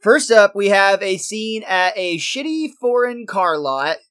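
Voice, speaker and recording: A man chatting casually as a podcast co-host, telling the story of an episode in a loose, joking way. He laughs often between lines and keeps a relaxed, everyday tone. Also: high voice, a little slow, smooth. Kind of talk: casual chat recapping a cartoon episode.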